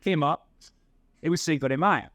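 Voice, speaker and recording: A man's voice: a little high, normal speed, dry recording. A man on a podcast co-hosting from a cigar bar, telling stories casually and acting out the people he quotes. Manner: animated, acts out quoted voices. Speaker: podcast co-host. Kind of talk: casual storytelling.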